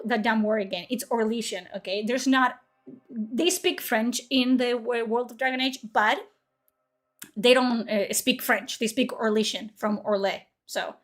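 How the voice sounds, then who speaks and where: Woman streamer, slightly high voice, reads her own fiction and cracks sweary, self-mocking asides, faint music behind. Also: normal speed. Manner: swears freely, laughs at herself, chatty asides. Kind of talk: story reading with casual asides.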